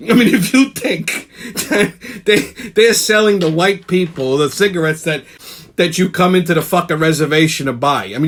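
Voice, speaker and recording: A man's voice: extremely high pitch, sharp tone. A man hosting his own channel, delivering a profane comedic rant in a brash tough-guy manner and repeatedly asking "okay?". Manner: heavy swearing. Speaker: channel host.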